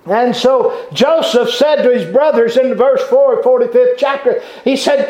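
A man preaching a sermon, fervent, with halting restarts and bursts of shouting. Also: extremely high pitch. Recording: echoey room, dull lo-fi sound.

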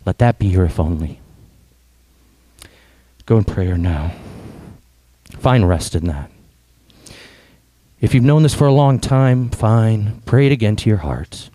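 A man preaching a sermon and reading a story aloud, expressive and reflective, exhorting listeners to pray. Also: lowish voice, measured pace, pauses often, no room sound.

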